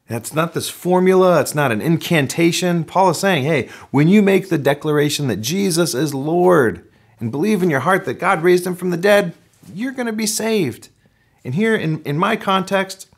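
Animated male pastor preaching. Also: slightly rough. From North America. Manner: animated preaching, pitch rising on emphasis. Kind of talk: sermon.

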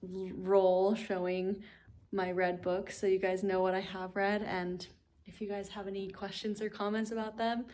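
A woman's voice: medium pitch, level tone, normal speed, darkish tone. A young woman chatting casually in a home vlog, giggly and full of fillers. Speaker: book vlogger. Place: home library room.

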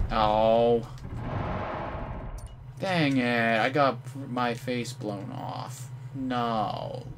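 A young man giving live gameplay commentary, trash-talking opponents with playful mock threats and sudden outraged yells. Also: mid-range voice, background noise. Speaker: gamer commentator.

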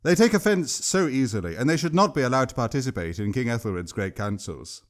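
A man reading an audiobook, voicing a wealthy lord in a measured, lofty and formal manner. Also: mid-range voice, animated, natural voice. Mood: lofty, condescending. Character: pompous wealthy male lord.

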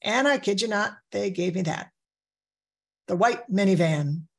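A woman's voice: medium pitch, measured pace, gravelly. A woman trainer giving a conversational training presentation on crisis care, telling personal anecdotes along the way.

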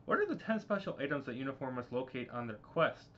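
A man voicing Jesus as a calm leader in a homemade audio story, read plainly on a dull lo-fi recording. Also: mid-range voice, fast talker, slight background noise. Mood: earnest. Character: Jesus, calm male leader giving missions.

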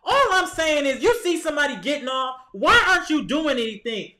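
A man's voice: very high voice, sing-song, fairly quick, bright, forceful tone, roomy sound. A man, giving a heated, exasperated fan rant about his team's loss, talking straight to the players. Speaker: sports vlogger. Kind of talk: ranting fan commentary. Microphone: camera mic.

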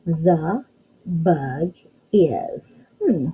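A woman's voice: low voice, expressive, extremely slow, lo-fi sound, a little hiss or hum. A woman teaching a phonics lesson to young children, encouraging them and sounding out letters one at a time.

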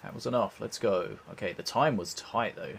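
A man's voice: fairly low pitch, normal speed, gravelly, slight background noise. A man streaming a co-op game, talking laid-back and swearing casually.

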